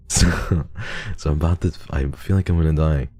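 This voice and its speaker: A man's voice: a bass voice, steady tone, normal speed, warm tone. A man streaming live, chatting casually and telling a rambling story with lots of restarts. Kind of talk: casual livestream chat.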